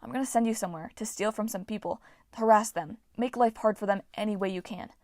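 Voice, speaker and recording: A woman voicing a cocky, joking teenage boy who talks wryly and a bit lower. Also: fast talker, a little mellow, no echo, natural voice. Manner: wry, joking.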